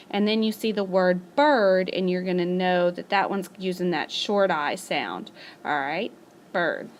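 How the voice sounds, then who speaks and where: A woman teacher recording a spelling lesson as a voice-over for her class. She talks patiently and slows down to stretch out each example word. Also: on the low side, slight background noise. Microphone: screencast voice-over.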